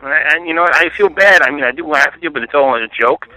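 A man's voice: on the high side, racing, pushed and bright, poor audio. A man leaving a profane, ranting voicemail. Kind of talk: angry phone rant.

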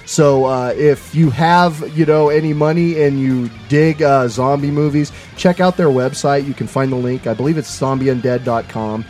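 A man's voice: mid-range voice, steady tone, moderate pace, few pauses, a little mellow, faint music behind. A man co-hosting a casual podcast, rambling through plugs with many filler sounds. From Seattle area. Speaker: podcast co-host.

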